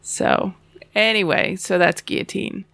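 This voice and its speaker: A woman's voice: medium pitch, unhurried, vocal fry, a bit bright, no echo. A woman co-hosting a board game podcast, explaining game rules in a casual, self-deprecating way. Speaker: podcast co-host.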